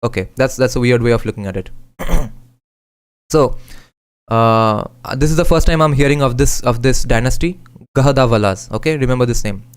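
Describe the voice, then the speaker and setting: A man's voice: mid-range voice, clean tone. A man with an Indian accent, reading from a book and adding casual spoken commentary. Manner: reads passages then adds quick remarks, switching into Hindi.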